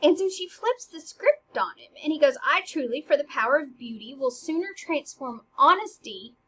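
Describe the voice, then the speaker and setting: A woman teaching a scene from a classic play in a casual, animated way, acting out the lines and dropping into near-whispered asides. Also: high-pitched, normal speed. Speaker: teacher explaining Shakespeare. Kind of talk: casual lecture with dramatic readings. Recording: dull lo-fi recording.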